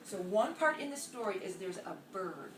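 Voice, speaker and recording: A woman storyteller telling a folk tale to young children, expressive and involving her listeners. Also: mid-range voice, normal speed, background noise. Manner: lively, expressive, involves the audience. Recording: roomy, distant mic.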